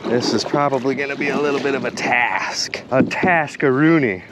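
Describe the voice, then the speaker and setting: A man vlogging outdoors on a kayak, talking excitedly to viewers while hauling in a heavy catch. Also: medium pitch, fairly quick, very noisy. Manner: upbeat, talks to viewers while straining to haul a load. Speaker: magnet fishing vlogger. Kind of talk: excited outdoor vlog narration. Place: outdoors on a kayak and shore by water. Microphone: action camera.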